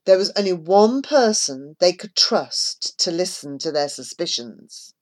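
A woman reading a children's story aloud in a measured, expressive way. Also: on the low side. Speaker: narrator.

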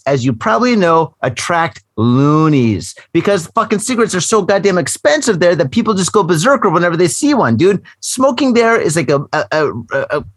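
A man hosting a podcast, spinning a wild, profane story with lots of animation and constant "right?" check-ins. His voice sits a little high. The sound is dry and close. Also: no echo. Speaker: podcast host. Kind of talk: casual storytelling chat.

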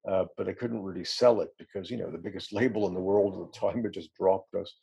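Gravelly low-voiced man telling band stories. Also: steady tone, quick pace, dark tone. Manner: rambling storyteller, self-deprecating, laughs often. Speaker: musician guest. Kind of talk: casual anecdotal interview.

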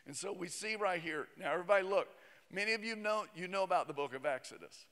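A male pastor with a high voice preaches a sermon, talking casually and dropping joking asides. The sound has the long reverb of a large hall. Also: fast, fairly bright tone.

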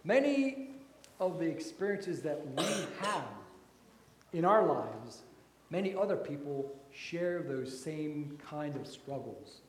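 A man preaching a sermon as pastor, slow and deliberate, his voice rising for emphasis and then dropping soft. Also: on the high side, big pitch swings, roomy sound, slight background noise.

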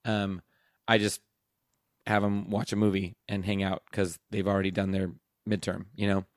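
Laid-back teacher telling a rambling story. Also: male voice, sits low, little pitch movement, normal speed, no room sound, clean studio sound. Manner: rambling, laughing mid-story, acting out dialogue. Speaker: teacher and podcast host. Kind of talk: casual storytelling chat.

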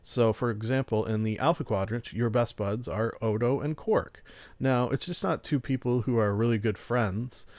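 A man's voice: medium pitch, moderate pace, darkish tone, no echo. A man hosting a solo podcast, reviewing films and shows in a casual, rambling way, often restarting and chuckling. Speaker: podcast host.

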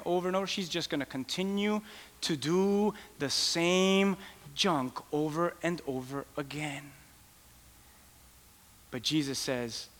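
A male preacher delivering an impassioned sermon, his pleas climbing toward near-shouts. His voice is bright and forceful, a little higher than most men's, and it rings with the long reverb of a large church hall.

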